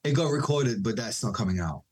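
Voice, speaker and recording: A man born in Israel sits in on a relaxed podcast chat. He tells stories with animation, slipping into other people's voices as he goes. His voice sits in the middle of the range. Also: medium pitch, fairly quick, breathy edge. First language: Hebrew. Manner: animated storytelling, acts out quoted voices, laughs often. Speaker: podcast guest, DJ and producer. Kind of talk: casual chat.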